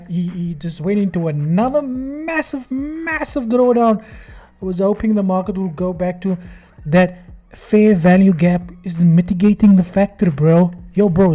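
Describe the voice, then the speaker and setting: A man with a high, warm voice, speaking at normal speed, hosts a trading video as screen-recorded commentary. He's sarcastic and mocking, and he acts out other people's voices.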